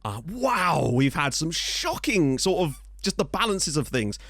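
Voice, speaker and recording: A man commentating his football management game, joking and getting excited at key moments. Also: a little high, unhurried, dry recording, studio quality. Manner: excitable, jokey, shouts at goals. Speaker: gaming YouTuber. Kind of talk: let's play commentary.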